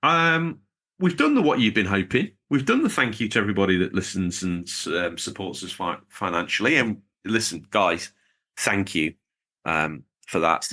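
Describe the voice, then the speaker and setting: A man's voice: low-pitched, big pitch swings, normal speed, pushed and bright. A man co-hosting a podcast, chatting in a jokey, rambling way while reading out supporters. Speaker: podcast co-host. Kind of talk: casual podcast chat.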